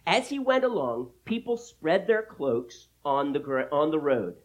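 Male pastor, emphatic Bible teacher, husky tone, animated delivery. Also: on the high side, measured pace, highs cut off. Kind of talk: expository sermon.

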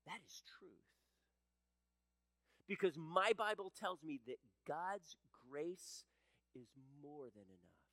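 Male pastor, sermon delivery, animated intonation, dry close sound, swings from fervent to hushed. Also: a little high, slow, no echo, low-quality recording. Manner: impassioned, swings between loud emphasis and hushed softness; repeats words while building a point.

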